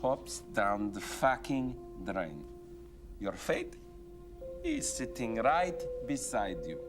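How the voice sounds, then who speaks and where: A taunting poker player. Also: male voice, big pitch swings. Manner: low, slow, taunting. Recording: quiet film clip with loud music.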